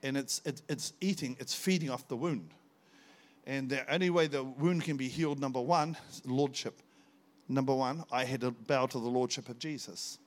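A man preaching a sermon, telling stories in an animated, dramatic way and laughing often. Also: mid-range voice, moderate pace. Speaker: pastor. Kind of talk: storytelling sermon.

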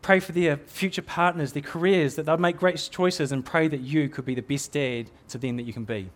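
A man's voice: on the high side, steady tone, normal speed. A middle-aged man with a New Zealand accent preaching a sermon in an earnest, exhorting way, often repeating words as he builds a point.

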